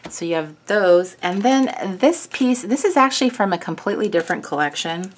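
A woman's voice: mid-range voice, lively intonation, moderate pace, a little hiss or hum. A woman hosting a craft video, chatting through a kit in a gushing way with small self-corrections. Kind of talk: casual product walkthrough.

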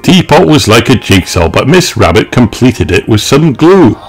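A man reading a children's picture book aloud in a slow, expressive, sing-song manner. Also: medium pitch, faint music behind. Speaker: storyteller.

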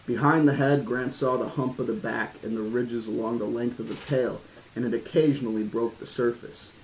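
A man's voice: medium pitch, steady tone, moderate pace, darkish tone, a little hiss or hum, low-quality recording. A man reading a horror-themed novel aloud, stopping now and then for casual asides and restarts. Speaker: audiobook reader.

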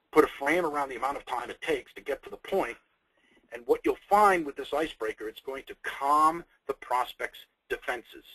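Man teaching sales in a webinar, lively swooping delivery, slightly husky, dry close sound. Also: a little high, no room sound, poor audio. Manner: emphatic, conversational, repeats key points; humorous, off the cuff. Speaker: sales trainer. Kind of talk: webinar presentation.

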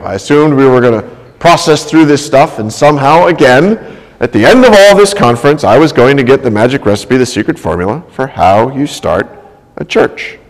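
A male pastor preaching a sermon, telling a personal story in a conversational way and often checking in with "right?". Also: mid-range voice. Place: church sanctuary. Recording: long church reverb.

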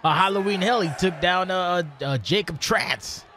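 High-voiced sarcastic male color commentator. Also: normal speed, background noise. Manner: sarcastic, rambling, mocking insults. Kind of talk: joking wrestling game commentary.

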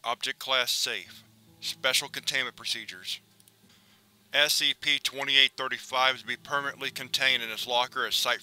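A man reading a document in measured, formal scripted narration. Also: mid-range voice, bright, forceful tone, smooth.

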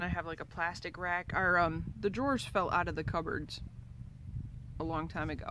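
Chatty woman vlogging from home. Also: fairly low pitch. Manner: chatty, rambling, with fillers and asides. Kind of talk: casual vlog chat. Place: at home in her kitchen. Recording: home video with outdoor noise and mower.

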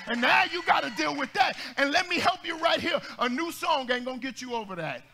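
A pastor preaching to his congregation in a very high, ringing voice. He talks to the room in call-and-response style, builds into shouts, and drops in jokes, with a bright, forceful edge. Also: animated, fairly quick, few pauses. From United States. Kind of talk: energetic Black church sermon. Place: church sanctuary with congregation.

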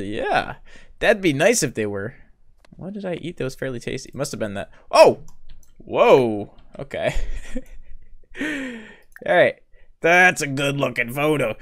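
Animated man chatting over a game. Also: medium pitch. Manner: chatty, thinks aloud, reads game text aloud. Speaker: gaming video creator. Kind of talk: casual let's-play commentary.

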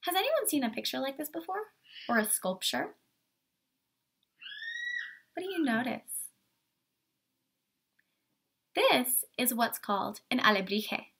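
A woman's voice: high-pitched, sing-song, a little slow, long pauses, a bit bright, husky. A woman art teacher giving an upbeat online lesson to children, asking them questions and walking them through drawing step by step. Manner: upbeat, talks directly to kids with questions.

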